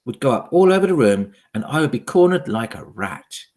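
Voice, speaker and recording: A man, a primary school teacher, reading a children's novel aloud with expressive, dramatic storytelling. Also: medium pitch, fairly quick.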